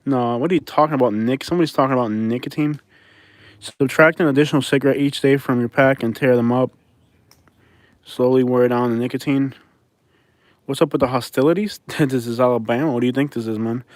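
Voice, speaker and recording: A man's voice: medium pitch, steady tone, fairly quick, no echo. A man with a Florida Southern accent chats casually with his viewers. He rambles and brags with a joking edge in an everyday mid-range voice. The recording is dry and close. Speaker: vlogger reading viewer comments. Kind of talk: casual chat.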